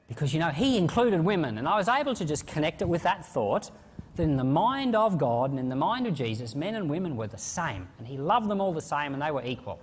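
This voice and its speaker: A man preaching a sermon in an animated, conversational way. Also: fairly high pitch, big-room sound. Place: church.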